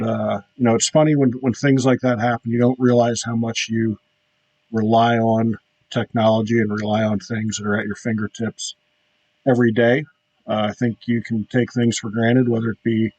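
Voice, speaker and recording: A man hosting his podcast, talking through a reflective solo monologue with frequent pauses and fillers. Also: medium pitch, darkish tone, husky, no room sound, muffled recording. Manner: reflective, halting with many fillers. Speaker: podcast host.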